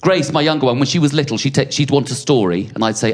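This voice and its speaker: A middle-aged man performing stand-up comedy, telling self-mocking stories with quick asides to the audience. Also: mid-range voice. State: sweating on stage. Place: comedy venue with a live audience.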